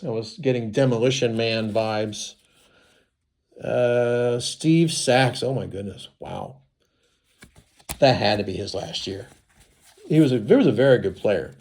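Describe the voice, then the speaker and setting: A man with congested sinuses, unboxing baseball cards in casual commentary, reading names slowly with chatty asides. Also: mid-range voice, animated, darkish tone.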